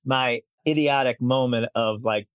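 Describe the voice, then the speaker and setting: A man's voice: medium pitch, fairly even intonation, measured pace, smooth, dry recording. A middle-aged man hosting a casual chat, telling stories with a teasing, self-mocking edge. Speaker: podcast host.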